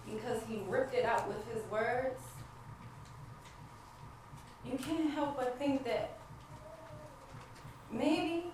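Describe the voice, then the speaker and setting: An actress playing a grieving wife who longs for a child speaks slowly in a high voice, moving between despair and faith. The stage monologue was recorded from a distance in a very echoey theater. Room noise can be heard behind her. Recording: echoey stage miked from afar.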